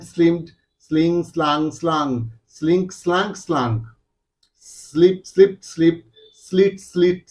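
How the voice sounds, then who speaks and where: A man teaching English, slowly reciting verb forms one word at a time for beginners. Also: fairly high pitch. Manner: slow, deliberate recitation of single words.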